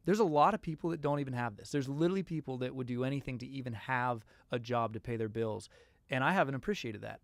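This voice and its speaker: A songwriter sits for a casual interview, his medium-pitched, gravelly voice captured with no echo. He tells stories with animation, putting on voices for everyone he quotes.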